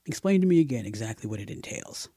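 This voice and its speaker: A man voicing an older male photographer in an audiobook, deep, gravelly and no-nonsense. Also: big pitch swings, fast talker, warm tone, dry recording, full character voice. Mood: matter-of-fact. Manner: matter-of-fact, resolute. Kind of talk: audiobook narration.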